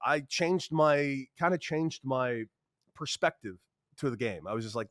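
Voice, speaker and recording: A man in his thirties tells a story in a loose, casual way and acts out other people's words with big leaps in his voice. His middle-pitched voice sits close to the mic in a dry, dead room. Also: unhurried, no echo. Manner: animated, acts out quotes with big pitch jumps. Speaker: podcast guest, former baseball player.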